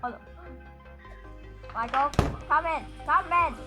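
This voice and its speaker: A woman chatting casually with friends while playing a game, excitable and prone to panicked yelps. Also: high-pitched, takes it slowly. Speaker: gamer. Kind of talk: casual gameplay commentary with friends. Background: game music.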